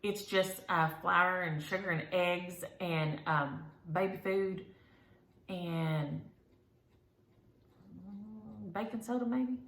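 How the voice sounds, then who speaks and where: The flosstube host talks slowly here, her voice low-ish with a fairly bright tone in an echoey room at home. She rambles in a folksy way to her viewers, with many ums throughout her casual stitching chat.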